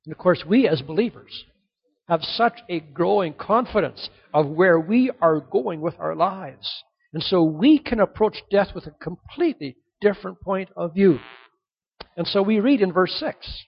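A man with a high, gravelly voice delivers a sermon from the pulpit, trading rhetorical questions for hushed passages. His voice is breathy and rough. The recording is dull and lo-fi. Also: expressive, unhurried. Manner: preaching with rhetorical questions, swinging from loud emphasis to hushed tones. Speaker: pastor.

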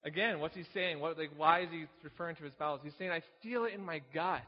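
A man's voice: fairly high pitch, fast talker, big-room sound, lo-fi sound. A man preaching a sermon, teaching earnestly, reading scripture aloud and posing rhetorical questions.

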